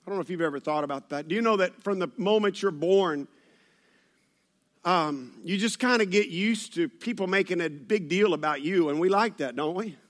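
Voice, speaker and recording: A man's voice: high-pitched, normal speed. A man preaching a sermon to his church, talking conversationally and joking with the congregation. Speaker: pastor. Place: church service.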